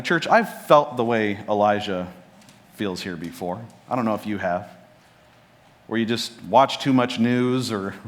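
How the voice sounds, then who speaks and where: Guy pastor preaching in church, mid voice, storytelling, acts out the bible folks. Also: mid-range voice. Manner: animated storytelling, acting out Bible characters' lines. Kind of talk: sermon. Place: church sanctuary.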